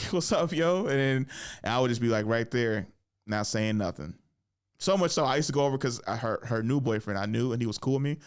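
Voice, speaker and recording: A young man hosting a podcast by himself, with a voice that sits at an ordinary middle pitch for a man. He rambles loosely and curses freely. When the people in his stories talk, he jumps up high to act them out and laughs. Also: fast, clear, resonant tone. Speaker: podcast host. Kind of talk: casual storytelling monologue.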